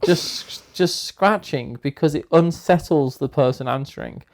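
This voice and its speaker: A man's voice: on the high side, measured pace, darkish tone. A man co-hosting a history podcast, cracking irreverent jokes and interrupting the story. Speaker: podcast co-host. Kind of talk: comic banter on a history podcast.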